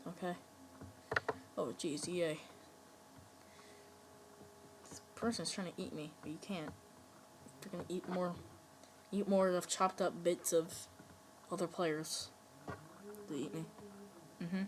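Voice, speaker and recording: A woman's voice: fairly low pitch, moderate pace, a little mellow, a little hiss or hum. A woman giving casual let's-play commentary, rambling playfully and talking at other players. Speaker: gameplay commentator.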